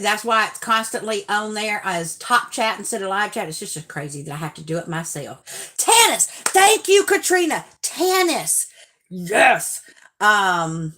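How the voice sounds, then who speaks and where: A woman's voice: fairly high pitch, bright, forceful tone. Bubbly woman greeting her live chat. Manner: bubbly, greets viewers by name, rambling. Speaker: livestream host; teacher. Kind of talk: casual livestream chat.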